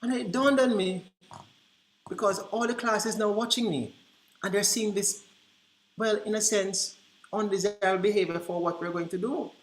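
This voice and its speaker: A man presenting to early childhood teachers, telling classroom stories in an animated way and acting out the dialogue. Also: sits high, normal speed, pauses often. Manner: animated, acts out quoted dialogue. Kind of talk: storytelling presentation. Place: conference room. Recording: roomy echo.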